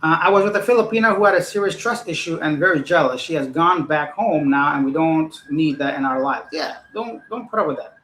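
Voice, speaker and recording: A man's voice: a little high, brisk, few pauses, echoey room, slight background noise, rough recording. A young man casually telling a rambling, profane story to his livestream audience as host. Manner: rambling, profane, animated retelling.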